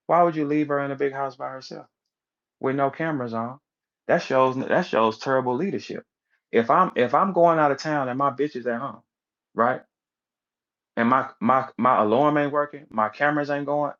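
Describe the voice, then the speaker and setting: A man's voice: mid-range voice, normal speed, a bit bright, lo-fi sound. A man giving a casual, emphatic rant as a commentator, repeating words and acting out the people he quotes. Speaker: battle rap commentator.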